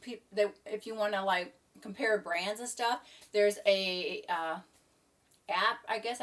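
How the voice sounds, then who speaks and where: A woman's voice: medium pitch, slow pace, a bit bright, far from the mic. A middle-aged woman talks in a loose, rambling way from her home kitchen. Her voice sits a little back from the mic and keeps drifting into asides and half-finished thoughts. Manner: rambling, chatty, trails off. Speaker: vlogger. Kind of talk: casual chat.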